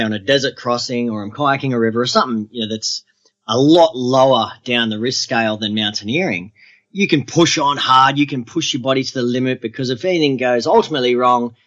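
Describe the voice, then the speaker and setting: A man's voice: medium pitch, brisk, a bit bright. Aussie guy talking mountain trips on a podcast, easygoing, audio a bit dull. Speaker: guest, extreme adventurer. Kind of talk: podcast interview storytelling.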